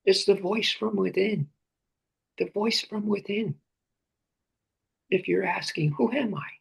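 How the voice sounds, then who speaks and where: A man leading a guided meditation, speaking slowly and often sinking into breathy whispers, repeating phrases and names softly. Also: sits high, fairly even intonation. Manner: slow, drifting into breathy whispers. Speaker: meditation teacher.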